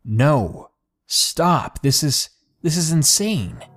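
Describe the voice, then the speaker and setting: A man voicing a frightened young woman who pleads in a strained, hushed way, in a horror story narration. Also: fairly high pitch, big pitch swings, drawn-out words, pitched above the performer's own voice, full character voice. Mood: alarmed. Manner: pleading, strained, trying to stay quiet.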